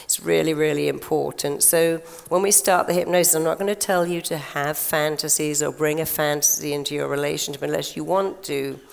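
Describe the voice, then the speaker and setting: Low-pitched and creaky, with a steady tone, an older woman talks briskly and hardly pauses. She gives a chatty stage talk to a live audience in a large conference hall, telling stories and acting out quotes, with long hall reverb.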